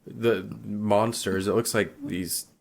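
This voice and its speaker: Deep-voiced casual man, loose and profane. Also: fairly even intonation, slow pace, creaky. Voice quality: loose, swears casually, hesitant fillers. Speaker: podcast co-host. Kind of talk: casual movie recap chat.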